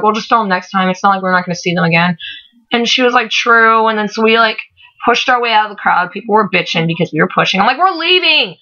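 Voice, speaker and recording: A teenage girl talks fast and rambles through a story, dropping "like" and swear words constantly. Her voice is bright and a little sharp, and it comes through dull, lo-fi webcam audio. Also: medium pitch. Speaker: vlogger. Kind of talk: casual storytelling chat.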